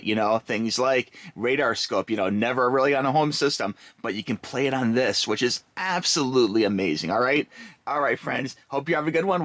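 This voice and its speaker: A man's voice: medium pitch, a bit bright, no echo, low-quality recording. A middle-aged man casually commenting on retro video games as he plays, chatty and rambling with lots of ums and restarts. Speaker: retro game reviewer.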